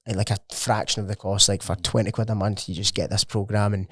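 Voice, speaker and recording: A man's voice: on the low side, flat delivery, fast talker, a bit bright, slightly rough, dry recording, studio quality. A young Scottish man chatting casually as a podcast guest, rambling with plenty of "like" fillers and swearing. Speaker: podcast guest, gym owner. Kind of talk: casual chat.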